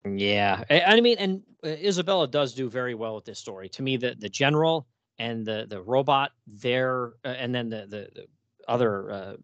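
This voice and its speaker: A man's voice: medium pitch, animated, normal speed, fairly bright tone, no room sound, lo-fi sound. A man hosting a podcast, chatting casually and with enthusiasm, laughing often and restarting his sentences. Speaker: podcast host. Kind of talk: casual chat.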